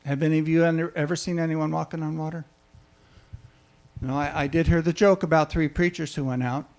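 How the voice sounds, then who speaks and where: High-voiced man preaching conversationally. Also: darkish tone. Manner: conversational, asks the audience questions. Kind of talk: sermon.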